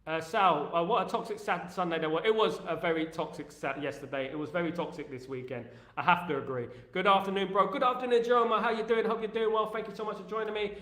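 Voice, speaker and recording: A London-accented man hosting a casual football live stream, reading viewer comments aloud, upbeat and repeating his phrases as he shouts out fans. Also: high voice, quick pace, hardly any pauses, echoey room. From England. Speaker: livestream host.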